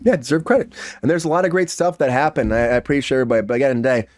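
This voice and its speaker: A man's voice: medium pitch, very fast, no echo, clean studio sound. A man hosting a casual entertainment news chat, rambling with lots of fillers and restarts. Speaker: host.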